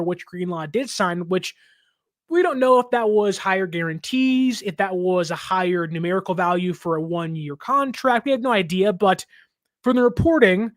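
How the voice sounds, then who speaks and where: A man's voice: high-pitched, a bit bright, dry recording. A young adult man hosting a sports podcast, talking casually in a chatty way, laughing often and acting out fans' complaints. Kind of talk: casual reaction commentary.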